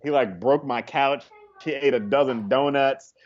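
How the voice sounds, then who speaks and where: A man's voice: medium pitch, unhurried. Slangy male comedian, slightly dull sound. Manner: loose, rambling, slangy, with playful impressions. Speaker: comedian guest. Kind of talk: casual comedy interview.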